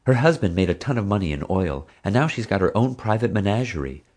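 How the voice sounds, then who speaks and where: A man reading an audiobook voices a frank, outspoken woman zookeeper in a raised, lively voice. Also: on the low side, fast. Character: woman zookeeper, frank, chatty young adult. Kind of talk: audiobook character voice.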